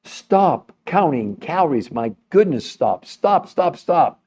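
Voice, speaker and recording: An emphatic man talks straight to his livestream viewers, pressing every point and repeating words as he goes. His voice is dark and mellow, and it sounds strained from overuse. The recording is dull and lo-fi. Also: on the high side, sing-song, slow pace, breathy edge. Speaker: podcast host. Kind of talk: impassioned livestream talk to viewers.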